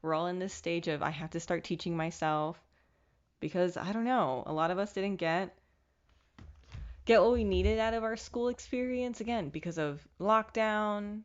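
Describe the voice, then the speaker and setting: A woman's voice: fairly low pitch, normal speed. Candid, self-mocking young woman. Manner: candid, self-mocking, animated with bursts of laughter. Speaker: podcast host. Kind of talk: casual solo monologue. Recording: dull lo-fi recording.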